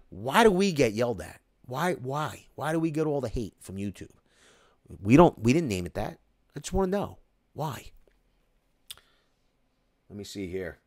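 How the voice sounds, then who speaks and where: A man hosting a casual live stream, reading viewer comments aloud and ranting about them in an animated way. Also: on the high side, no echo, studio quality.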